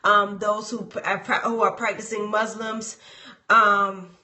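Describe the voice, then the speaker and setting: A woman chats slowly on a live stream, her voice bright and a little high. She rambles loosely and speaks straight to her viewers. The room around her adds a clear echo. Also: fairly even intonation. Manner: dramatic mock wailing, shouting and fake crying. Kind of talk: casual live-stream talk.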